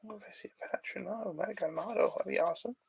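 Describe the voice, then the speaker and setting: Gravelly-voiced man chatting through a card break. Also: high voice, racing, background noise. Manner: chatty, rambling sports talk with fillers. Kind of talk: casual live card-break commentary.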